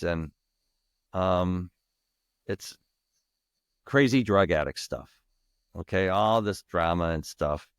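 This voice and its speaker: Casting: low-voiced man, guest on a podcast, candid and emphatic storytelling, dry close sound. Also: smooth, no echo. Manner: emphatic and raw, swearing, restarting sentences. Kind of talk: candid personal storytelling in interview.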